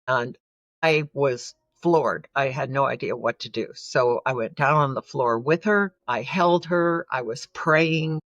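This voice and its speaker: A woman's voice: rumbling low, measured pace, a bit bright, no echo, dull audio. A woman giving an earnest, emotional personal testimony as a guest in an interview. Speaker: podcast guest.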